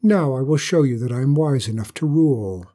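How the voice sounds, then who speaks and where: A man's voice: medium pitch, lively intonation, fairly quick, mellow, lightly acted. A man voicing a brave young girl who is to become empress, earnest and resolute, in a storybook reading. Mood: determined.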